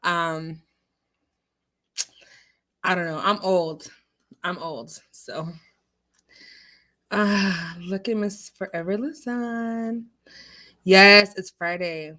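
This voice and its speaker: A woman's voice: lowish voice, very slow, pauses often, sharp tone. A tipsy woman casually chatting on a livestream in an echoey room at home, giggling and greeting viewers. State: a little tipsy. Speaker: livestream host.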